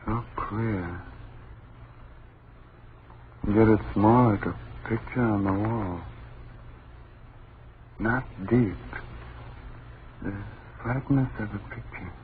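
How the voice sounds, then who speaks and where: An actor playing a frightened man watching a ghostly scene, speaking in hushed, awed tones in 1940s radio drama style. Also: lowish voice, very slow, pauses often. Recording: tinny old radio recording with hiss.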